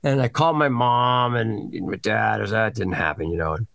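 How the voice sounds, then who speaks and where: Fifties guy on a podcast, super animated voice, acts out what people said, dead dry sound. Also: mid-range voice, moderate pace, creaky, no room sound. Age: 50s. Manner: animated storyteller, acts out quotes, swears freely. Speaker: actor guest. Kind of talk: casual podcast chat.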